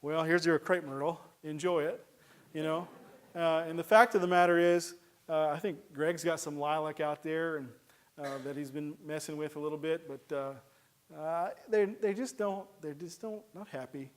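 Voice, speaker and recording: A man's voice: fairly high pitch, fairly even intonation, moderate pace, clear, resonant tone. A man giving a casual, folksy lecture on garden plants, rambling with many uhs and restarts. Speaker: horticulture lecturer. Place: lecture hall.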